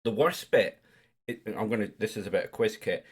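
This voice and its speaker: A Scottish man hosts a casual online quiz, reading out questions and chatting between them. His voice is fairly low but swings up and down a lot. He jokes easily as he goes. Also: lively intonation, fairly quick, breathy edge. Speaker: quiz host. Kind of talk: casual live-stream quiz hosting.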